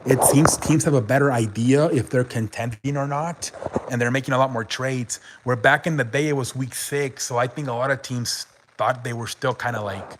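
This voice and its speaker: A man's voice: mid-range voice, moderate pace, slight background noise. Rambling man hosting casual sports stream. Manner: rambling, swears often, reads chat aloud. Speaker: sports streamer host reading chat.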